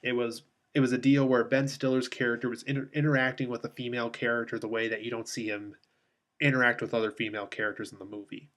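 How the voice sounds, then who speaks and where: Man, mid-pitched, casual movie review delivered off the cuff, rambling with frequent ums. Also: little pitch movement, fast, fairly bright tone. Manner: rambling, many filler ums and restarts.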